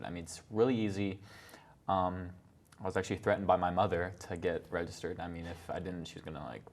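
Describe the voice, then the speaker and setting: A man's voice: low-pitched, a little mellow. A young college man on a student panel, talking casually and leaning on lots of "I mean"s. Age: young adult. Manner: filler-heavy, many "I mean"s.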